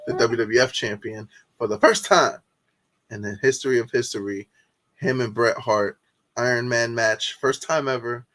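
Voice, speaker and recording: A man co-hosting a casual wrestling podcast, excitable, swearing freely and stumbling over repeated words when worked up. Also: mid-range voice. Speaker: podcast co-host.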